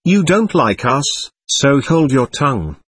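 Fiery self-accusing young woman, voiced by a man; husky, dry, animated. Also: medium pitch, slow, no echo, heavily acted. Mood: impassioned. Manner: impassioned, swinging between scorn and confession.

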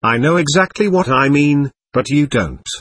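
A man reading as a calm, assured woman mystic. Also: fairly high pitch, dry recording. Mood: persuasive. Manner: calm, impersonal, deliberate.

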